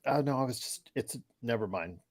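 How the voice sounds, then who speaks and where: A man in his forties hosting a casual basketball chat, rambling with restarts and sudden excited outbursts. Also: medium pitch, moderate pace. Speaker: host of a basketball chat show. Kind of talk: casual live game chat.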